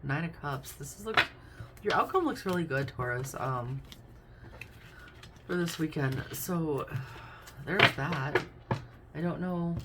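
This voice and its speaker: A woman with a low, animated voice gives a casual tarot reading, speaking slowly with long pauses. She's chatty and thinks aloud as she names each card. The recording is very noisy.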